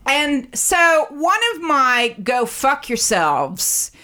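A woman with a high voice launches into an indignant comedic rant. Her tone is bright and cutting, and she swears freely as her story rambles on. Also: sing-song, very slow. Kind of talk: comedic ranting monologue.

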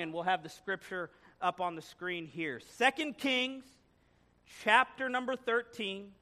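Male guest preacher, high, bright, lively storyteller in church. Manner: animated storytelling with joking asides. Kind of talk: sermon. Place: church sanctuary.

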